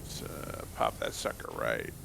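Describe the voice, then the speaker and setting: A man's voice: measured pace, noisy background. A man hosting a live game stream, playfully muttering to himself as he plays and joking with friends. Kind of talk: casual live-stream chat.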